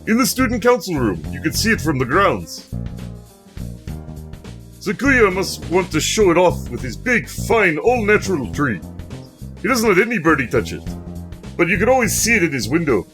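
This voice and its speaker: A man's voice: sits high, very animated, normal speed, long pauses, a bit bright, faint music behind, voice pushed up. A man doing a suave Russian-accented pigeon spy. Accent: put-on Russian. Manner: smooth, theatrical, playboy charm. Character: suave male pigeon secret agent, flirtatious. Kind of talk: video game voice acting.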